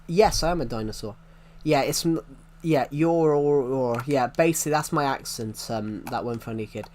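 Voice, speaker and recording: A man's voice: medium pitch, brisk, slight background noise. A young man from the UK with a strong regional British accent, chatting casually with viewers on a game stream. He rambles and corrects himself as he answers chat. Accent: British regional, strong R sounds. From United Kingdom. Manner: rambling, self-correcting, answers chat questions as they come.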